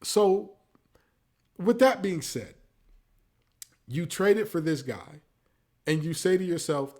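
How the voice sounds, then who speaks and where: A man's voice: fairly high pitch, slow, pauses often. A man hosting a casual sports talk show, ranting with mock quotes. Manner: animated, preachy rants with mock quotes. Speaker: podcast host.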